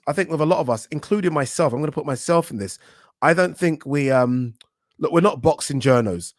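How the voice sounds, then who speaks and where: An English man runs a boxing channel and chats casually on a live stream, reading viewer comments out loud and reacting with blunt, lively opinions and the occasional swear word. His voice sits a little high and moves a little fast. The studio sound is clean, with no room sound.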